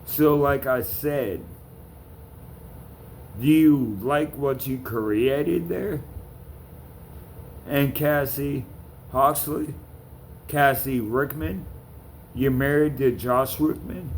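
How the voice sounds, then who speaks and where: A man's voice: mid-range voice, very slow, long pauses, a little hiss or hum. A man ranting to camera in a vlog, calling out people by name, with blunt, profane talk. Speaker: vlogger.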